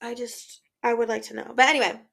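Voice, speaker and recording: A woman's voice: a little high, level tone, quick pace, gravelly, fairly bright tone. A woman in her twenties telling a casual storytime vlog, chatty and exasperated, acting out both sides of past arguments. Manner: chatty, exasperated, quotes herself and others in dialogue. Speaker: vlogger.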